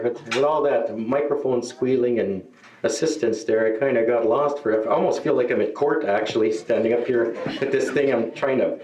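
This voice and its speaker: A man's voice: mid-range voice, a little fast, a little mellow, low-quality recording. A middle-aged man performing a stand-up set, telling stories with asides and "eh?" tags. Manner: storytelling with tag questions and asides, self-deprecating. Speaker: stand-up comedian. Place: indoor venue with live audience. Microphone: stage microphone on a stand.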